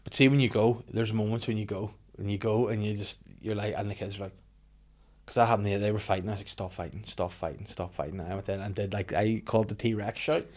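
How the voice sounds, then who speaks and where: A man's voice: lowish voice, flat delivery, fast talker, a little mellow. A man in his thirties, chatting on a podcast, swearing freely and acting out the people in his stories. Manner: swears a lot, acts out quoted people. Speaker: podcast host. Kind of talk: casual podcast chat.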